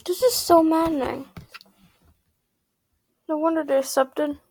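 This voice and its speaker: A woman's voice: high voice, fairly even intonation, a little slow, a little mellow, a little hiss or hum. A female gaming vlog host ranting indignantly in a casual, rambling way, repeating herself and filling with "like".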